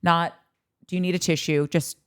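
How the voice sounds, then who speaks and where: Animated, profane woman podcast host. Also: on the low side, normal speed, clean tone. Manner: animated, profane, breaks into acted quotes. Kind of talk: casual commentary on a reality show.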